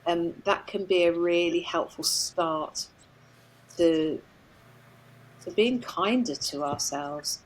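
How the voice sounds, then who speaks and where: A woman psychologist speaking as a guest in a conversational interview, expressive and emphatic, often laughing as she talks. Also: fairly low pitch, slightly rough, poor audio.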